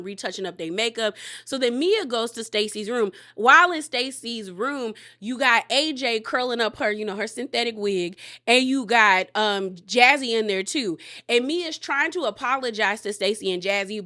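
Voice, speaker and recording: A woman casually recapping a reality show reunion, chatty and animated as she retells who said what. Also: a little high. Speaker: recap commentator.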